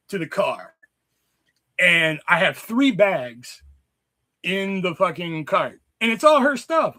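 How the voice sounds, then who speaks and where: A man with a fever chatting casually on a livestream, telling a rambling story full of swearing and loudly acted quotes. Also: fairly high pitch. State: sick with a fever. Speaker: streamer.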